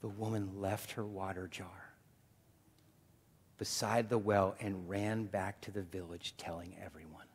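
Husky man preaching in a reverberant church. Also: low voice, a little slow. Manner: animated preaching, jokes with the congregation. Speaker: pastor. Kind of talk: sermon. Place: church sanctuary. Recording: long hall reverb.

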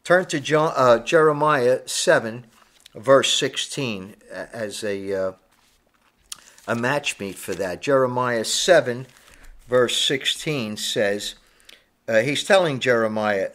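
A man's voice: medium pitch, slow, fairly bright tone. A man preaching a sermon, emphatic and full of rhetorical questions, repeating his points.

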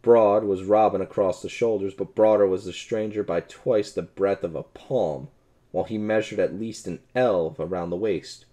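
A man narrating an old adventure audiobook with expressive storytelling. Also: on the low side, moderate pace.

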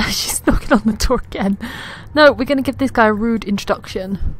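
Talking fairly quickly in a fairly high voice, a young woman giggles and chats with her characters as she casually comments on her life-simulation game. She's a gaming YouTuber doing Let's Play commentary into a desktop USB mic, with slight background noise and faint game music.

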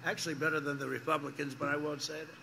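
Older man, bright, boastful rally rambling. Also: a little high, level tone, racing, gravelly, a little hiss or hum. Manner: rambling, repetitive, full of digressions and asides; mocking and boastful, acting out quoted exchanges. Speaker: politician at a campaign rally. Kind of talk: off-the-cuff rally speech. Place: outdoor airport rally.

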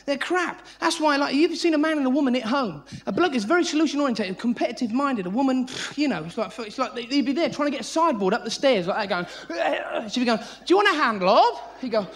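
A high-pitched man performs frantic, high-energy stand-up comedy. He swears freely and acts out voices. The stage mic catches a live theatre crowd laughing behind him. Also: expressive, fast talker, hardly any pauses. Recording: live theatre recording with audience noise.

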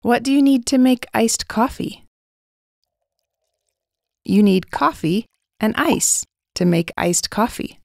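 A woman narrating simple picture descriptions for an English lesson, saying words clearly and repeating them. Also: fairly high pitch, lively intonation, slow, long pauses, darkish tone, dry recording, clean studio sound. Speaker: English teacher.

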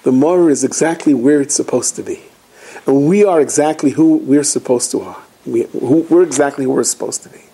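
A man's voice: mid-range voice, a little fast, breathy edge, low-quality recording. A man, a rabbi, giving an inspirational holiday talk, telling stories animatedly and acting out the quotes. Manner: animated storytelling with acted quotes.

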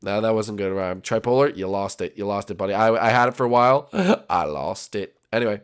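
A young man giving goofy Minecraft gameplay commentary as a YouTuber, with sudden high-pitched yells and made-up songs. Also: fairly quick, smooth. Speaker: gaming YouTuber.

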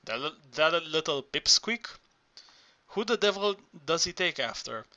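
A man voicing a gruff, stern old village father who mutters with scorn. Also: a little high, lively intonation, a little slow, sharp tone, lo-fi sound, heavily acted. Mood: scornful. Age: older.

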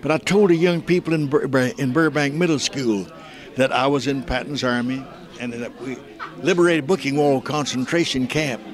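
A man's voice: mid-range voice, fairly even intonation, moderate pace. A man in his nineties telling stories in a folksy, earnest, emphatic way during an interview. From United States. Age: 90s. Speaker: voice actor. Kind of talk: casual interview storytelling.

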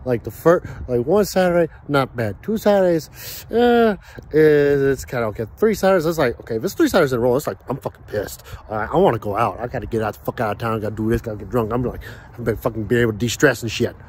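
A man's voice: mid-range voice, lively intonation, quick pace, a little mellow, slight background noise. A man ranting casually and profanely about his work week while grilling outdoors. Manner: profane, heated storytelling. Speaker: vlogger.

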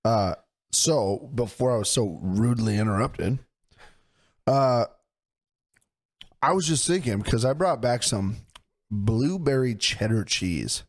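A young man with a hoarse, worn-out voice, chatting excitedly and swearing freely as a podcast co-host. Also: mid-range voice, slow pace, long pauses. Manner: excitable, swears a lot, laughs often. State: hoarse, voice mostly gone. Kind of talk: casual chat.

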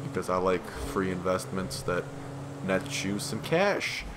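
A man's voice: low-pitched, sing-song, unhurried, very noisy. A man giving casual gameplay commentary, rambling, swearing and self-deprecating, sounding tired and yawning.

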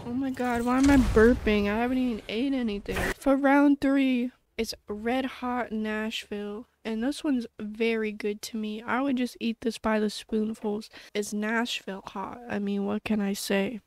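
A young woman giving gameplay commentary with loud, excitable reactions, often shrieking and crying out "no" over and over. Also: fairly high pitch, normal speed, hardly any pauses, no room sound. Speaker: gaming content creator. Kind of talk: gameplay commentary during a hot sauce challenge.

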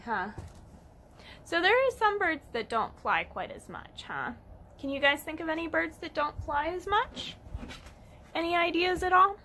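A woman's voice: fairly high pitch, pushed and bright, slight background noise. A woman teaching toddlers at storytime, reading aloud in an encouraging, sing-song way. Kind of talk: storytime lesson for young children.

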